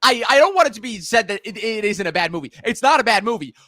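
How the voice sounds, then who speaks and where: A man's voice: sits high, expressive, fast talker, pushed and bright, no room sound, clean studio sound. A man hosting a casual movie chat, opinionated and emphatic. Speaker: podcast host.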